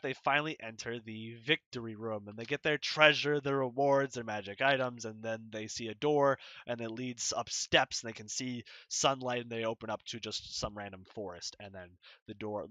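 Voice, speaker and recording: A young man in a dungeon master role gives casual advice, rambling and filling gaps with loose asides. His voice is bright and forward, with a middle pitch. The recording is dry, with little room sound. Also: no echo. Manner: rambling, loose, full of fillers.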